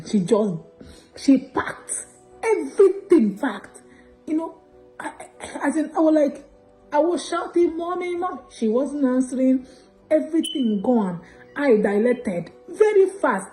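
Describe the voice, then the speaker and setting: A woman's voice: high-pitched, mellow, rough recording. Emotional woman giving testimony. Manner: emotional, retelling with quoted dialogue. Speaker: testimony giver.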